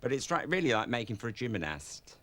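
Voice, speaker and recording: A man who designs stage gowns speaking in an interview, halting as he searches for words. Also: medium pitch, very animated, a bit bright, no room sound. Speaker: gown designer.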